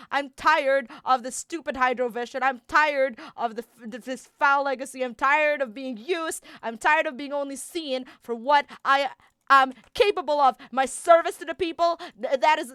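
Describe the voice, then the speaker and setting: A woman voicing a bitter, enraged young male warrior in an improvised fan performance, speaking in halting, stammering bursts. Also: high voice, fairly bright tone, no room sound, clean studio sound. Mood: seething. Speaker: voice actor.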